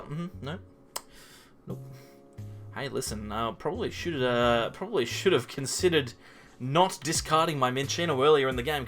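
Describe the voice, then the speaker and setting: Animated man thinking aloud over a game. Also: on the high side. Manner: playful, wry asides. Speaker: card game player commentating his match. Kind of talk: casual gameplay commentary.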